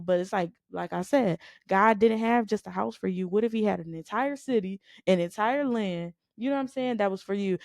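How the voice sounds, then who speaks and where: A woman co-hosting a faith podcast. She preaches conversationally, driving each point home through repetition and rhetorical questions. She has a gravelly edge, a middling pitch and a dry, close recording. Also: brisk, hardly any pauses, darkish tone, dry recording. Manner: emphatic, repeats "you know what I'm saying". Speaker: podcast co-host.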